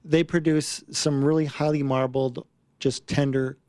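A man's voice: fairly high pitch, level tone, measured pace, a little mellow, no room sound. A man as a guest on a radio talk show, explaining his meat products in a conversational way. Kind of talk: radio interview.

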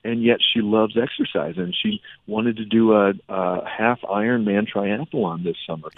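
A man, a functional medicine doctor, telling lively patient stories with lots of fillers as a radio show guest. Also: fairly low pitch, normal speed, gravelly. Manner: animated storytelling with fillers. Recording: tinny phone-like radio audio.

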